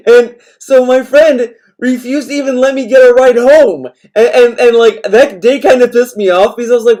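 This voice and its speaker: A man's voice: very high-pitched, normal speed, hardly any pauses, a little mellow. A young adult man streamer ranting in casual chat, swearing often and rambling as he talks. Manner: profane, rambling rant.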